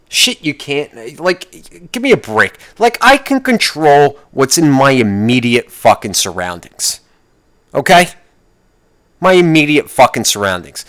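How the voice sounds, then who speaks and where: A man's voice: mid-range voice, big pitch swings, unhurried, a bit bright, dry recording. A young man ranting casually on his vlog, swearing constantly, rambling with restarts and bursts of fired-up outrage. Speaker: vlogger. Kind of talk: profane casual rant.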